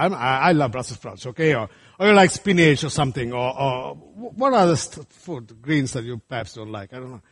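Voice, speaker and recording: A man's voice: mid-range voice, brisk, hardly any pauses. A man from Sri Lanka, preaching a sermon to a church congregation and often checking in with them with "right?" and "friends". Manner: animated, often asks listeners "right?" and calls them friends.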